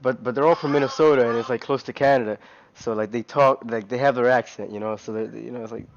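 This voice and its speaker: A man's voice: medium pitch, fairly even intonation, fast talker. Rambling man on a muffled stream. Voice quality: rambling, lots of fillers and restarts, laughs often. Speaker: live stream host. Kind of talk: casual gaming stream chat.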